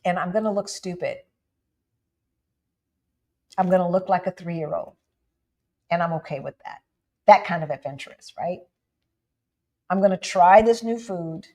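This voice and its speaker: A woman's voice: measured pace, long pauses. A woman from the United States co-hosting a casual livestream, chatting with viewers and often asking "right?". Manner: animated, jumps up in pitch for emphasis. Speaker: livestream co-host.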